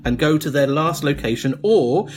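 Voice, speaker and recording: Man, game master, descriptive second-person narration, lively pitch. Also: moderate pace. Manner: descriptive, reads second-person prose with asides.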